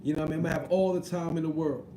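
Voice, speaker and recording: High-voiced slangy man streaming live. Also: fairly even intonation, racing, dark tone, echoey room, a little hiss or hum, poor audio. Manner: joking, slangy, repeats "you know what I mean". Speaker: livestream host reading chat. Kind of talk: casual live-stream chat.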